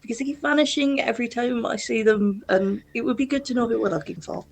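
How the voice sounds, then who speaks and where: A woman's voice: on the high side, fast talker, creaky. Casual woman player. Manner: casual, apologetic.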